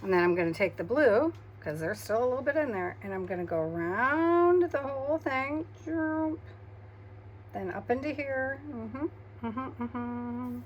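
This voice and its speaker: A woman, tired after a migraine, chatting softly to herself while she crafts, humming and murmuring as she works. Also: high-pitched, expressive, moderate pace, slight background noise. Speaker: craft video host.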